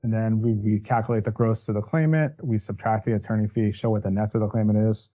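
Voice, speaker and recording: Man presenting a legal webinar, mellow tone. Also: lowish voice, fairly even intonation, fast talker. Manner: explanatory, walks through steps with "right?" asides. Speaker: workers' compensation defense attorney.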